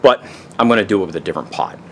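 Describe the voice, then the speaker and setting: A man's voice: low-pitched, expressive, racing, a bit bright, a little hiss or hum. A man casually demonstrating camping gear, rambling in profane, folksy slang. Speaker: outdoor gear reviewer.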